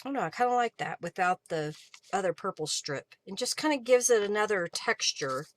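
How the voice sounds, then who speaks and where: Her voice is medium-pitched, expressive and fairly bright, and she talks briskly, with a little hiss or hum in the audio. As a craft livestream host, she chats away, muses aloud over her work at the craft table and answers viewer comments.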